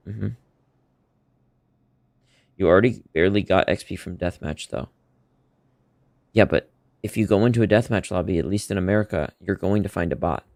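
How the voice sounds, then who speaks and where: Male game streamer, low voice that swings a lot, dry close sound, chatty, with loud reactions. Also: vocal fry, no room sound. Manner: chatty, reacts loudly to gameplay. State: hiccuping. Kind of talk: casual live-stream commentary while gaming.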